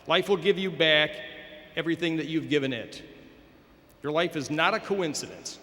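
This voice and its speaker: A man telling a story as a wise, gentle father. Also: a little high, normal speed, lightly acted. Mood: explaining. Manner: calm, instructive storytelling voice. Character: wise, gentle father teaching his young son. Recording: echoey hall over a public address system.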